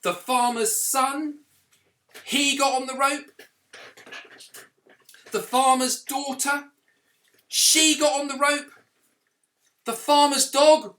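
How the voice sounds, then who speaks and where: A man's voice: very high voice, takes it slowly, pauses often. Vicar guy reading a kids story, voice jumping all over, barks and meows for the kids. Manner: lively, with sound effects and questions to the children. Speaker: vicar telling a children's story. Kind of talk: animated storytelling for children.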